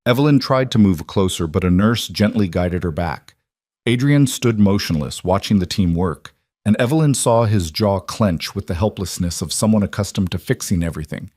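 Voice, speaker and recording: Low-voiced man narrating a story. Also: animated, moderate pace, darkish tone, dry recording, clean studio sound.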